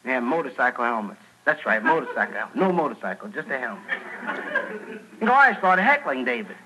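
A comedian telling a Bible story as a jive street tale, with shrill put-on screams for the characters. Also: male voice, sing-song, brisk. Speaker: stand-up comedian. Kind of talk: stand-up storytelling. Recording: noisy old radio broadcast.

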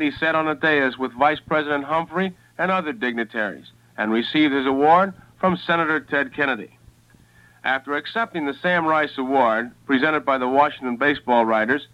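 A man hosting a sports radio segment in a measured, formal, scripted delivery. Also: a little high, pushed and bright. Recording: dull lo-fi radio recording.

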